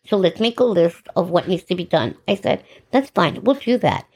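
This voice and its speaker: A middle-aged woman hosting a podcast, telling her own story in an animated, sarcastic way and acting out the dialogue. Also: lowish voice, normal speed, slightly rough. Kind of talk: personal storytelling monologue.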